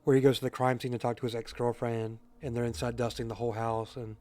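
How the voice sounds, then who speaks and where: A man's voice: mid-range voice, little pitch movement, fast, a little mellow. A man casually commenting on a game as a streamer, joking and reading chat aloud.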